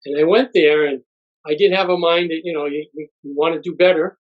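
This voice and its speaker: A husky-voiced man in his sixties speaks in a plain, halting way, stopping often on fillers as he gives thanks. His voice sits a bit high for a man, and the recording is muffled and lo-fi. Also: steady tone. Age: 60s. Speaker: honoree. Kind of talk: thank-you speech.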